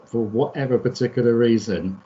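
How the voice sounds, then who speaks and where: A man co-hosting a podcast in casual chat, rambling with halting restarts. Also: medium pitch, dark tone. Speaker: podcast co-host. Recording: dull lo-fi sound.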